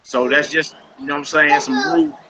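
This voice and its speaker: A man's voice: fairly high pitch, flat delivery, a little fast, bright, forceful tone, a little hiss or hum, low-quality recording. A man teaching a casual group Hebrew lesson, patiently repeating words for his students and using slang.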